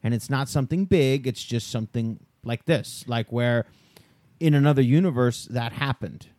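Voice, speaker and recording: A man's voice: mid-range voice, moderate pace, darkish tone, no room sound. A man in his thirties co-hosting a casual chat, swearing loosely and laughing often. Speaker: podcast co-host.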